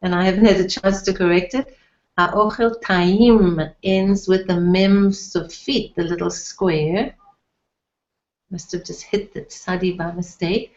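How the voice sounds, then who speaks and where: A woman gives a language lesson at an unhurried pace, repeating each phrase slowly and carefully. Her voice sits a little low. The recording is dull and lo-fi, with a roomy echo around her. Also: fairly even intonation, a little mellow. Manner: slow, careful repetition of phrases. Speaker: Hebrew teacher. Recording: echoey, dull lo-fi room sound.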